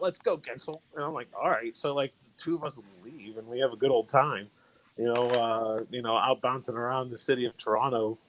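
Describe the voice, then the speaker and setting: A man's voice: mid-range voice, low-quality recording. A man on a video call telling a long, rambling story from his college years, full of fillers and restarts. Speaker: fraternity brother sharing memories. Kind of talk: casual storytelling.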